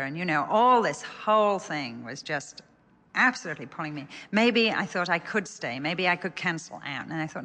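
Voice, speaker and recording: A woman's voice: on the low side, expressive, normal speed, sharp tone. Older woman preaching, echoey hall. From England. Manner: personal, anecdotal, earnest. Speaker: speaker. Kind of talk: storytelling sermon.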